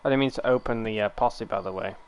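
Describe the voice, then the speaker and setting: A man's voice: fairly low pitch, fast talker, smooth. A young man from the United Kingdom, chatting casually and rambling to his viewers while streaming a game. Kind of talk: casual live-stream chat.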